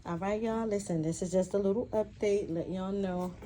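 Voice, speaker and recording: A woman from New Jersey giving a chatty, excitable tour of her garden on a phone camera. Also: mid-range voice, fairly quick, noisy background. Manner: chatty, excitable, says y'all often. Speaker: vlogger. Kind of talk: casual garden tour vlog. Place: outdoor garden.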